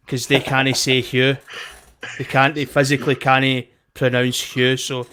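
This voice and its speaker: A man's voice: medium pitch, flat delivery, moderate pace, sharp tone, clear, resonant tone. A man with a Glaswegian accent, co-hosting a web show in casual banter and telling anecdotes with plenty of swearing. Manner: swearing, chatty storyteller.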